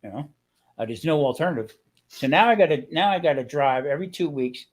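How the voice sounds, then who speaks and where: A man's voice: fairly high pitch, lively intonation, brisk. An older man chatting casually on a video call, a rambling storyteller who grumbles and complains. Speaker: guest. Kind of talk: casual chat.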